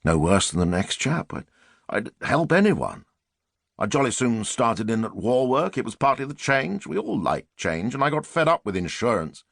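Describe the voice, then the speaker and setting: A man's voice: medium pitch, very animated, normal speed, gravelly, fairly bright tone, no echo, studio quality, full character voice. A man voicing a brooding, self-pitying middle-aged murderer in a musing inner monologue from an audiobook.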